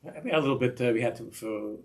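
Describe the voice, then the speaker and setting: A middle-aged man, a rabbi, giving an animated Torah class, acting out little dialogues and sprinkling in Yiddish and Hebrew words. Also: medium pitch, fast.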